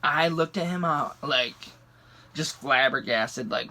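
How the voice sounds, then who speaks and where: A man's voice: medium pitch, slow, pushed and bright. A young man from the rural United States telling a story casually, heated and swearing constantly. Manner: profane, heated retelling.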